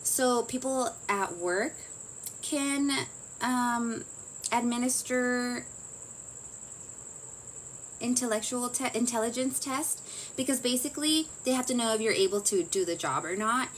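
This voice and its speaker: A woman's voice: a little high, a little slow, long pauses, slight background noise, poor audio. A woman giving a casual, chatty psychology lesson, full of fillers and self-corrections. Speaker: psychology teacher. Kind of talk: casual lecture.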